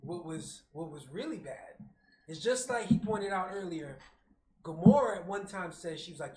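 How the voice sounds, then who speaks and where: Guy excitedly recapping a movie, doing the characters' lines, echoey room, faint hum. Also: high-pitched, moderate pace. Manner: animated storytelling, acts out characters, swears freely. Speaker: podcast co-host. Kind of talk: casual movie recap chat.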